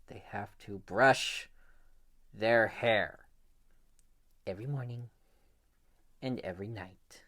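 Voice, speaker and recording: A man telling a children's story in a playful, theatrical way, a dad reading to his kids. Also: mid-range voice. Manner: playful, theatrical, drops to whispers.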